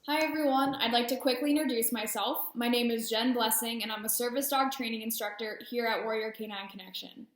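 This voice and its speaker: A woman's voice: fairly high pitch, fairly quick, hardly any pauses, reverberant. A woman service dog training instructor explaining training methods with friendly, self-deprecating asides. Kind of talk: instructional talk.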